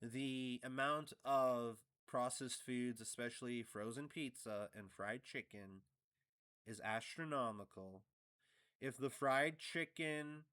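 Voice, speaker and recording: A man's voice: medium pitch, bright, forceful tone, clear, resonant tone, no room sound, clean studio sound. A man from Canada hosting his own vlog, talking in a blunt, provocative, jokey ramble with plenty of swearing. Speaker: vlog host. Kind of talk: casual rambling monologue. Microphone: upgraded studio mic.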